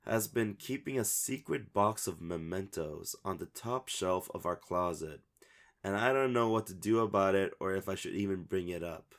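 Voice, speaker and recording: A man's voice: low voice, moderate pace. A man co-hosting a casual podcast, chatting, laughing often, swearing casually and reading a story aloud. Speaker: podcast co-host.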